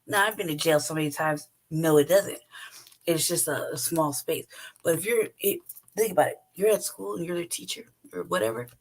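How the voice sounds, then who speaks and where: A woman's voice: deep voice, lively intonation, normal speed. Blunt, profane woman ranting. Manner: blunt, heavily profane, laughs between points; talks straight to the listener with repeated "right?". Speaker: channel host. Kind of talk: ranting commentary monologue.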